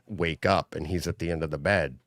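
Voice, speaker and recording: A man's voice: very deep voice, fairly even intonation, fairly quick, a bit bright, no room sound, clean studio sound. A middle-aged man, a podcast guest, telling rambling family stories in casual chat and laughing as he goes. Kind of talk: casual storytelling.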